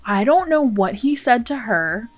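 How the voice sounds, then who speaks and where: A woman's voice: a little high, expressive, measured pace, faint music behind. A woman hosting a Let's Play, giving casual, chatty gameplay commentary full of exclamations and laughter.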